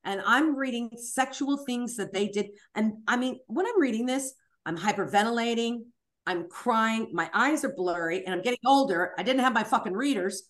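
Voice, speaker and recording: A woman stand-up comic telling a personal story in a frank, animated way, swearing freely and acting out the voices of the people in it. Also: fairly high pitch, moderate pace. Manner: animated, acts out voices and screams in the retelling. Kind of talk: storytelling interview.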